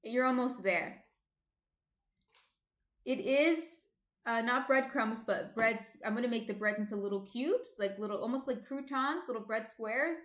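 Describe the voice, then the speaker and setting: A woman with a New Jersey accent hosting a casual live cooking stream from home, chatty and quick to laugh as she reads out chat messages. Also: on the high side. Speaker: stream host, baker. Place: home apartment. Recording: roomy echo.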